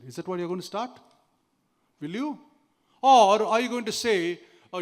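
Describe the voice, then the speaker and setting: A man's voice: high-pitched, moderate pace, long pauses. Indian man telling stories in an echoing hall. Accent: Indian English. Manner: storytelling, questions the audience, acts out quoted voices. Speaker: seminar speaker. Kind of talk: motivational speech. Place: large seminar hall. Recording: long hall reverb.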